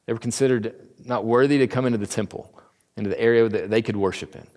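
A man's voice: mid-range voice, steady tone, a little mellow. A man teaching a Bible class in a casual, conversational way, joking and briefly acting out the people in the story. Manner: conversational, jokey, acts out the characters in quick asides. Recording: long reverb of a large hall.

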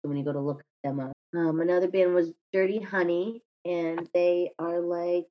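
A woman's voice: on the low side, steady tone, normal speed, slight background noise. A woman co-hosting a podcast in casual chat, rambling and correcting herself as she goes. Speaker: podcast co-host. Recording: slightly dull lo-fi sound.

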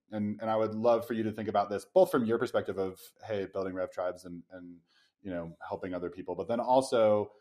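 A man with a very low voice hosts a podcast interview. He frames long questions slowly and with some hesitation, often pausing on ums. He responds to his guest in a reflective way. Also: darkish tone. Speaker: podcast host. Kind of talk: interview conversation.

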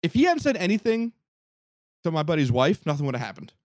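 A man telling a story in casual podcast chat, animated and profane, acting out what people said. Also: on the high side, fast, dry recording, studio quality. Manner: animated, profane, acts out quotes.

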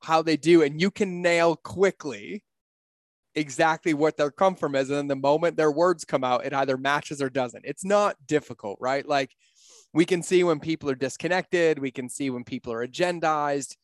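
A middle-aged man, his voice a little high for a man, talks as a guest on a podcast in a relaxed conversation, telling stories bluntly and emphatically and swearing a lot. He speaks at a moderate pace, and the recording is dry and close with no room sound.

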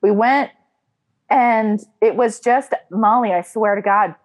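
A young woman in casual chat, emphatic and animated, laughing often. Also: medium pitch, slow pace.

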